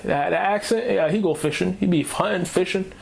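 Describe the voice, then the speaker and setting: A man's voice: high voice, a little fast, vocal fry, a little hiss or hum. A man hosting a reaction video, ranting casually in slang and repeating himself as he talks.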